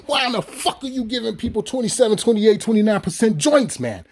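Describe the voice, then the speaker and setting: High-voiced, profane man ranting. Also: sing-song, fairly quick, few pauses, slightly rough. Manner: profane, heated, repetitive. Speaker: video creator. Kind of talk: ranting monologue to viewers.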